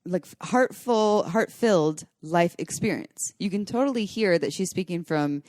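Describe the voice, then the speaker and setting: A woman from Santa Cruz, California, co-hosting a podcast in casual chat. She talks frankly and quickly and laughs easily. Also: lowish voice, animated, darkish tone, no room sound, studio quality. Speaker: podcast co-host.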